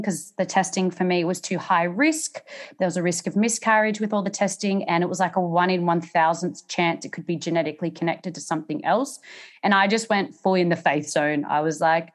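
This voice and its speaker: A woman's voice: lowish voice, fairly quick. An Australian woman, a podcast guest, candidly telling her story and acting out what others said. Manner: animated, acts out quotes in raised voice.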